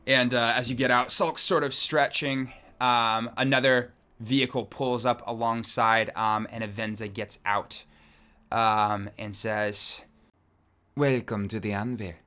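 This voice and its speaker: Man, game master, rambling narration, bright voice, mid pitch. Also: flat delivery, unhurried, clean tone. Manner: rambling, many fillers and restarts, descriptive.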